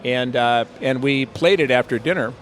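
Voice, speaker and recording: An older male actor, interviewed outdoors on a city street, tells rambling anecdotes packed with fillers and playful impressions. His voice is medium-pitched and fairly bright, at a moderate pace, with slight background noise.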